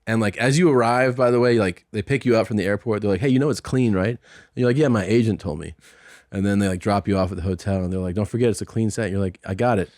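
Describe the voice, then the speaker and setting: A lower-voiced middle-aged man on a podcast, recorded dry and close. He talks in a relaxed, rambling way and slips in and out of the people he quotes. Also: fast, no echo. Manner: laid-back anecdote telling, acting out quoted exchanges. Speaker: podcast host and comedian. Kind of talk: casual chat, storytelling. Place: podcast studio. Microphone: studio microphone.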